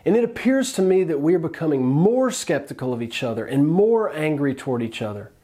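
A man's voice: a little high, big pitch swings, a little fast, dark tone. A man preaching a sermon as a pastor, earnest and emphatic.

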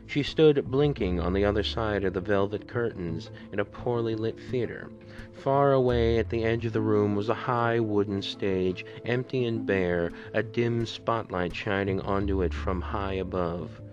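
A man reads a story aloud at an unhurried, steady pace. His voice sits on the low side, and the recording is dull and lo-fi. Soft guitar music plays faintly behind him. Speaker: podcast reader. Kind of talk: audiobook reading.

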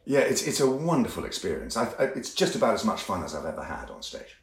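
A man, a stage actor, in a relaxed interview chat, with a low, swooping voice that rises and falls freely and rings in an echoey room. He talks chattily and slips into little acted-out quotes. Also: quick pace, gravelly. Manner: chatty, laughing, acts out quotes.

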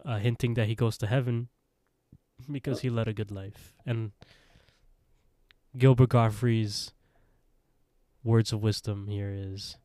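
A man's voice: fairly low pitch, fairly even intonation, a little slow, long pauses, mellow, dry recording, studio quality. A man co-hosting a podcast, casually recapping an episode in a rambling way. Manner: rambling retelling with quoted voices and laughs. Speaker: podcast co-host.

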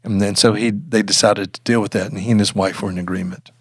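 An older man, a podcast guest, telling a story earnestly with many halting restarts, recorded close on a studio mic. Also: fairly low pitch, fairly even intonation, slightly rough, dry recording. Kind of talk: storytelling in an interview.

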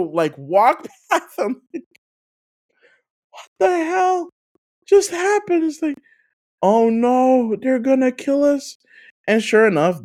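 A podcast host spinning a casual gaming anecdote with a lively, wide-ranging pitch that swoops up and down. The delivery is animated and sprinkled with "like" fillers. The voice sits at a middling pitch. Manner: laughs through stories.

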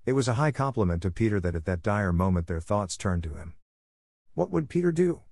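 Low-voiced guy reading a storybook aloud, expressive, super dry close mic. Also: fast, no echo. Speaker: narrator. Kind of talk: storybook audiobook narration.

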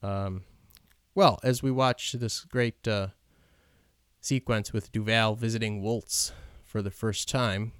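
Guy rambling thru a movie commentary, lots of ums and restarts, lowish smooth voice, dry close sound. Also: fairly even intonation, fairly bright tone, no echo. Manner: halting, many ums and restarts, admiring. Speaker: film commentary host. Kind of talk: unscripted film commentary.

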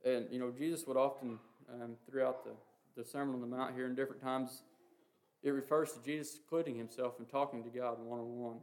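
A man giving an informal, earnest sermon, talking haltingly with many fillers and reading scripture passages aloud. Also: mid-range voice, fairly even intonation, darkish tone. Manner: halting, heavy with "you know" and "um" fillers. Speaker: preacher. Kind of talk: informal sermon on the Lord's Prayer.

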